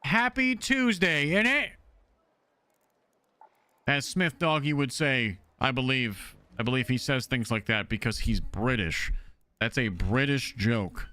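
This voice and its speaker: A man streaming a video game live, chatting casually and excitably shouting thanks to his supporters. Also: mid-range voice, unhurried.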